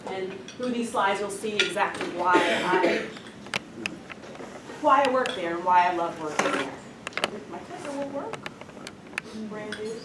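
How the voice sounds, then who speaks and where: A woman's voice: mid-range voice, animated, unhurried, pauses often. A woman from New York giving a friendly, chatty guest talk with slides at a meeting. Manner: friendly, self-deprecating, chatty. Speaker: guest speaker. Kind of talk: presentation with slides. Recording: echoey room, distant mic, noisy.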